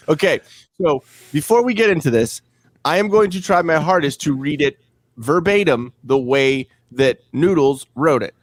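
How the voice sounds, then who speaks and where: A man's voice: on the high side, moderate pace, no echo. A man hosting a podcast, talking in a brash, crude and mocking casual way. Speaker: podcast host. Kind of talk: casual chat.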